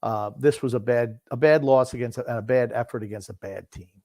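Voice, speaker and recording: A man's voice: mid-range voice, a little fast, warm tone, no room sound, studio quality. An older man co-hosting a podcast, chatting casually about hockey in a blunt, grumbling way. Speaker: podcast co-host. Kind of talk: casual sports chat.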